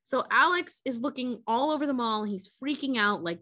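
A woman co-hosting a podcast tells a movie plot in loose, profane, animated chat. Her voice is bright and sits a little high. The sound is dry and close, with no room around it. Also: normal speed, dry recording. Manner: profane, animated retelling with quoted character voices. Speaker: podcast co-host. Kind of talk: casual chat recapping a movie.

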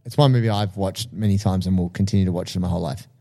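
A man chatting casually about favourite films, animated, swearing freely and acting out lines from the movies. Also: deep voice, rapid-fire. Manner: animated, swearing, acts out film quotes.

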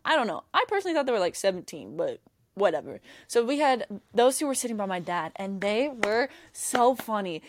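Young woman chatting on her podcast, kinda high voice, dry close sound, gets loud and excited retelling stuff. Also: brisk, dry recording. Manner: excitable storyteller who acts out quotes. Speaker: podcast host. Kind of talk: casual chat. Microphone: camera mic.

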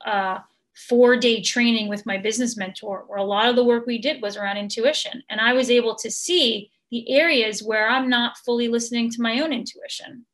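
A woman coach answering an interview question in a gentle, measured, earnest way, with many ums. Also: a little high.

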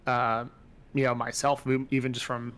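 A man's voice: mid-range voice, level tone, moderate pace, a bit bright, a little hiss or hum. A man in his thirties chatting as a podcast guest, rambling with many fillers and restarts. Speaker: guest pixel artist. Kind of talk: casual podcast chat.

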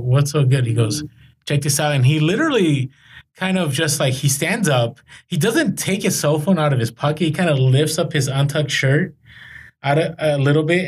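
A man hosting a casual podcast, telling animated, rambling stories about reselling. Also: a little high, husky.

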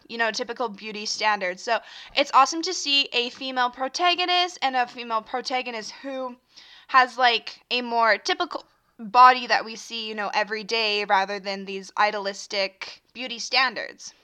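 A young woman with the hiccups hosts her own podcast, chatting in a rambling way, heavy on fillers and self-interruptions. Her voice is a little high, pushed and bright, smooth, at a normal speed.

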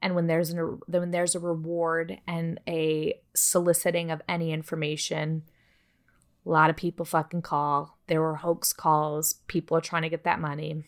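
A woman with a somewhat low voice tells a true-crime story on a podcast. She keeps it casual and chatty, cursing freely and slipping in joking asides. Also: completely flat delivery, normal speed. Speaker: podcast co-host.

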